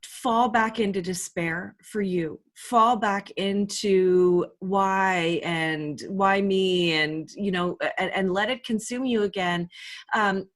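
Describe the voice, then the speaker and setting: A woman's voice: medium pitch, slow pace. Effusive woman podcast host. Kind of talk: interview conversation.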